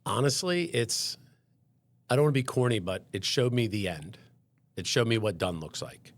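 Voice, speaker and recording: A man in a studio, a dental education director guest on a podcast, telling lively stories and acting out the people he quotes. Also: mid-range voice, normal speed. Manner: animated storyteller, acts out quoted voices. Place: company TV studio.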